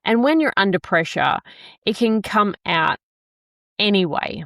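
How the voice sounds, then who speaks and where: A woman's voice: medium pitch, expressive, unhurried, fairly bright tone, no room sound, studio quality. A woman hosting a podcast, reflecting on her own experience as a parent and asking questions. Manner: reflective, shares personal experience. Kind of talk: conversational podcast talk.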